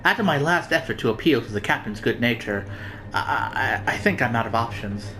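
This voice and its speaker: A woman's voice: rumbling low, animated, brisk, over music. A woman reading game dialogue and commenting casually, self-mocking and hesitant. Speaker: gaming streamer.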